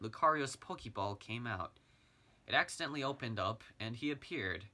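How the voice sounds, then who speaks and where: Earnest, chatty sixteen-year-old gamer boy, as a man reads him, bright and forceful voice, fan-story reading. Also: medium pitch. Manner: talks straight to the listener, chatty. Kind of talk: first-person storytelling reading.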